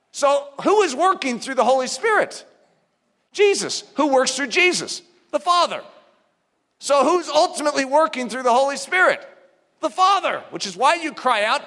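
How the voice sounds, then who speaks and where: Male preacher, animated and emphatic, sharp bright tone, long hall reverb. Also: very high-pitched, moderate pace. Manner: animated, emphatic, conversational teaching. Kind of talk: sermon.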